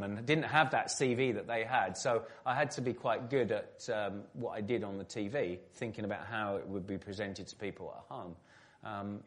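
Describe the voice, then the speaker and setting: A middle-aged man from England answering interview questions at an evening event, chatty and self-deprecating, with many restarts. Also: lowish voice. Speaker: guest, former footballer turned pastor.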